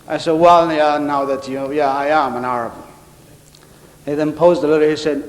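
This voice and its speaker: A man's voice: fairly high pitch, moderate pace. A man tells comic stories to a live audience, switching into the voices of his characters. He speaks through a stage microphone, and his voice carries a long reverb from a big hall. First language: Arabic. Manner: storytelling, acting out quoted characters. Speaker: contest speaker. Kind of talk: humorous public speech.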